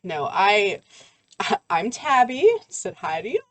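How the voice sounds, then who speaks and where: A woman's voice: medium pitch, sing-song, fairly bright tone, dry recording. A young adult woman, co-hosting a podcast in casual chat, nervous and full of ums. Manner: nervous, talks fast, lots of ums. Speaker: podcast co-host.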